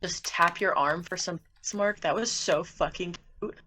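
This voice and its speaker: A woman's voice: lowish voice, unhurried, sharp tone, dry recording. A woman as a player in a tabletop game, casual and a bit hesitant, speaking for her character.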